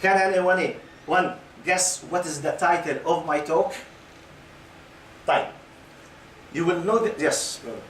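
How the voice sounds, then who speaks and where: A man's voice: a little high, slow, long pauses, fairly bright tone, a little hiss or hum. A man in his fifties giving an Islamic lecture to a youth audience. He questions the listeners, waits for their answers and talks in loose, repeating phrases, often adding "okay?". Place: lecture hall with a live audience. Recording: echoey room picked up from a distance.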